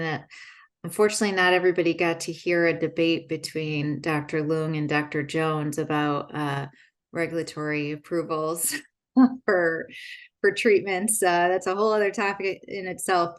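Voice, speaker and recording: A woman moderating a webinar Q&A over a video call, friendly and pausing often with "um". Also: low voice, fairly even intonation.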